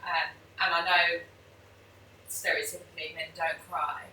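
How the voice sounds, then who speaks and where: A woman hosting a podcast interview, asking gentle, supportive questions. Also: lowish voice, flat delivery, measured pace, a little hiss or hum. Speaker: podcast host. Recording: echoey room, mic at a distance.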